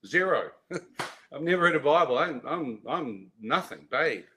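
A man's voice: a little high, expressive, unhurried, bright, forceful tone, a little hiss or hum. An older man telling his life story as an interview guest, vivid and dramatic, with restarts. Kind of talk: animated storytelling.

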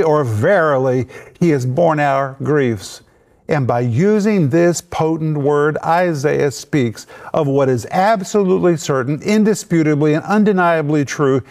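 A man teaching a sermon, explaining words with measured, emphatic delivery. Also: a little high, darkish tone. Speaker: Bible teacher.

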